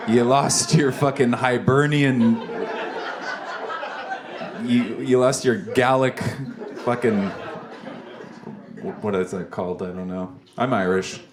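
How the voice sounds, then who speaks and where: A man's voice: medium pitch, fairly even intonation, slow, pauses often. A male stand-up comedian doing a club set, rambling and self-deprecating, chatting with the crowd between jokes. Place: comedy club basement stage. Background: audience laughter.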